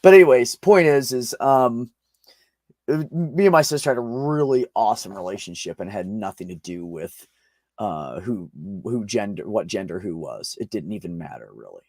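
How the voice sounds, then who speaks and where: A man's voice: lowish voice, animated, normal speed, a little mellow, dry recording. Man, casual chat, swearing storyteller, dry close sound. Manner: swearing, storytelling, rambling with restarts.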